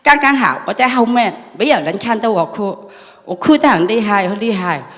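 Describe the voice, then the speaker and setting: A woman's voice: mid-range voice, animated, fairly quick, a bit bright. A woman in a meditation class asking her teacher a question, recounting a personal experience in a rambling, repetitive way. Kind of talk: emotional personal account. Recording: long hall reverb.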